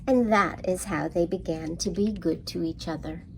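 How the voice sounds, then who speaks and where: A woman reading a picture book aloud to children in an expressive storybook cadence. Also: on the low side, normal speed, gravelly, background noise.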